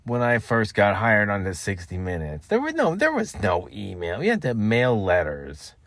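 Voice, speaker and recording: A man's voice: lowish voice, wildly swooping pitch, moderate pace, a bit bright, no echo, exaggerated voice. A man putting on a fussy, griping old male TV commentator for comic effect. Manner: fussy, nitpicking complaint. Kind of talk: comic impression.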